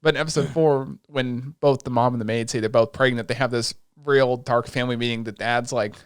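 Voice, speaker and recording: A podcast co-host, a man with a middle-pitched voice, talks fast and loosely, swearing freely and slipping into quick voices as he recaps what he watched. The sound is dry and close, with no room echo. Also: clear, resonant tone. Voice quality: excitable, profane, retells scenes in quoted voices. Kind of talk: casual chat recapping an anime.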